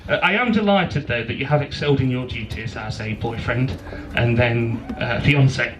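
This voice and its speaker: A man's voice: medium pitch, moderate pace. A young man giving a teasing best man speech into a handheld microphone at a wedding reception, joking and laughing between lines. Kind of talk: wedding speech with a rhyming poem. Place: wedding reception venue with guests. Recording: wedding video with crowd noise. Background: crowd of guests laughing.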